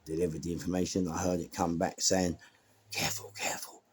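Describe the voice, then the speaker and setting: This middle-aged Englishman has a London accent and a deep voice, talking fast over a slight hiss or hum. He casually tells an anecdote to the camera, animatedly voicing every character on both sides of the dialogue.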